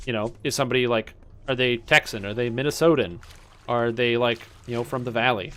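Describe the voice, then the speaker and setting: Chatty streamer, rambling. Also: male voice, medium pitch, a little fast, a bit bright. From Canada. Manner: rambling, chatty, many fillers. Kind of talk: casual gaming chat.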